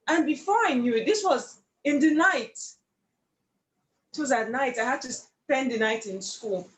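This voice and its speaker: Woman, painter guest, expressive storyteller, slightly high voice, echoey room with faint background hum. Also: unhurried. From Nigeria. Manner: animated, expressive storyteller with frequent laughs. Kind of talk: casual storytelling interview.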